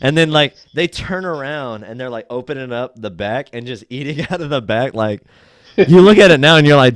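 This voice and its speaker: A man's voice: medium pitch, lively intonation, brisk, dry recording. A young man co-hosting a podcast in casual chat, retelling sketches animatedly in goofy voices and swearing freely. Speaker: podcast co-host.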